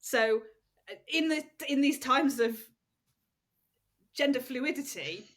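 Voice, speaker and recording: A woman's voice: high voice, takes it slowly. A woman co-hosting a book club podcast, chatting casually, giggling and reading passages aloud. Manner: giggly, animated, reads quotes aloud. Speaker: podcast co-host.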